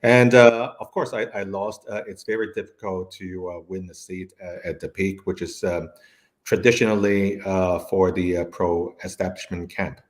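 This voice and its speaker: A man's voice: low voice, fairly even intonation, moderate pace. A man hosting an interview, speaking hesitantly with many fillers. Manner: hesitant, with many ums and uhs. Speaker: talk show host. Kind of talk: conversational interview.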